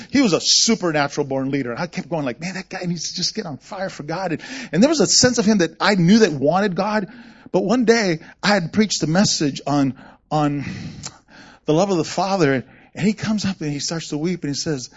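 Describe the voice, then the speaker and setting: A man's voice: on the high side, animated, a little fast, breathy edge. A man preaching a sermon as a pastor, telling stories and acting out quoted voices with animation. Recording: muffled lo-fi sound.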